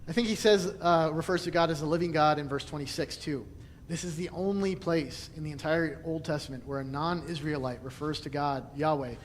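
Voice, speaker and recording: A man leading a casual Bible study lesson, chatty and quick to laugh, often restarting his sentences. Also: a little high. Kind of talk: casual teaching talk. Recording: echoey hall, faint noise.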